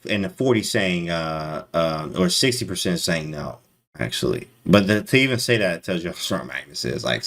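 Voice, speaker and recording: Excitable low-voiced man streaming chess. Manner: excitable, disbelieving, talks to chat in slang. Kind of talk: live-stream chess commentary.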